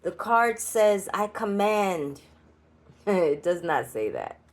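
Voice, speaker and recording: A woman's voice: fairly low pitch, big pitch swings, slow pace. A woman with a New York Puerto Rican accent giving a channeled card reading, chatty and blunt, with laughing asides. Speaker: spiritual card reader. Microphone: solo creator recording.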